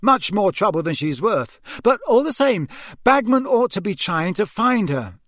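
A man's voice: high voice, sing-song, normal speed, fairly bright tone, dry recording, studio quality, pitched above the performer's own voice, full character voice. A man reading an audiobook who voices a pompous, self-important young official who speaks sanctimoniously.

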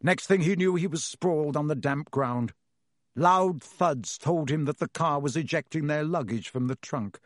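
A man's voice: a little high, normal speed, no echo, clean studio sound. A man narrating a storybook in a vivid, dramatic way. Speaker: audiobook narrator.

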